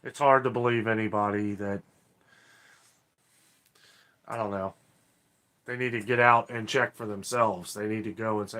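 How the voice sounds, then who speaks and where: A man's voice: lowish voice, fairly even intonation, moderate pace, long pauses, fairly bright tone. A man hosting a casual live stream, chatting in a rambling way and reading viewer comments aloud. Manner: rambling, chatty, apologetic, laughs often.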